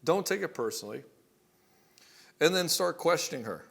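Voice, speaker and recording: A man's voice: fairly high pitch, very animated, normal speed, creaky, a bit bright, slightly rough. A middle-aged man coaching married men in a casual monologue, blunt and profane, acting out both sides of arguments. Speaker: relationship coach.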